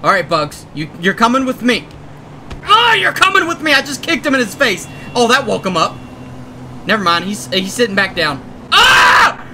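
A young man giving excitable gameplay commentary, often shouting and laughing as he plays. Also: sits high, normal speed, slight background noise. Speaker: gaming YouTuber.

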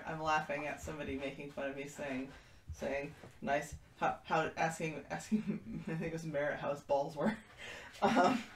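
Casual livestream host, woman, talks to pets and reads comments aloud; room echo, mic off at a distance, faint hiss. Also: lowish voice. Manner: chatty, talks to kittens and reads viewer comments. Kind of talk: casual chat with viewers. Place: room with kittens.

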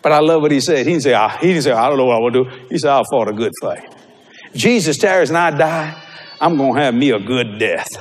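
A man preaching a sermon, telling stories with animated delivery and bursts of shouting. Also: on the high side, a little hiss or hum. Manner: animated storytelling, breaks into shouts.

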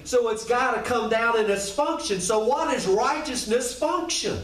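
Speaking at a moderate pace with almost no breaks, this man has a very high, fairly bright voice. He delivers a casual, colloquial sermon, firing question after question at the congregation. It's captured in an echoey space, with the mic a long way off.

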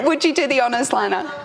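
A woman's voice: sits high, big-room sound. An Australian woman giving a conference talk, chatty and joking with the audience. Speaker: conference speaker.

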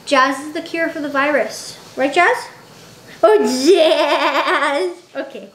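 A woman's voice: high voice, normal speed, pushed and bright, slight background noise. A young woman vlogging at home, chatting to the camera in a dramatic, giggly way. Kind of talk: casual chat to camera. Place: indoors at home. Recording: roomy home recording.

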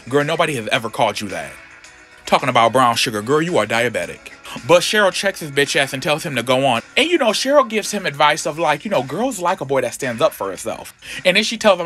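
A man's voice: on the high side, sing-song, fairly quick, bright, forceful tone, soft background music. A man recapping a comic in a casual, sassy, profane and gossipy way.

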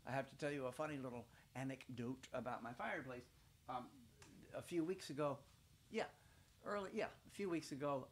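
A man's voice: mid-range voice, fairly bright tone. An older man from Georgia with a Southern accent, telling playful stories to children by his fireplace at home. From Georgia, USA. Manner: chatty, playful, rambling. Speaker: storyteller. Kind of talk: folksy storytelling for children.

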